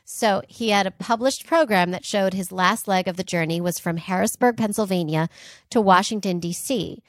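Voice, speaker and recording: A woman co-hosting a podcast and telling a history story in a loose, chatty way. She is at a middle pitch, with quips and asides. The sound is close and dry, with no room around her. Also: moderate pace, no room sound. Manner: chatty, jokey, fillers and asides. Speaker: podcast co-host. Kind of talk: casual storytelling chat.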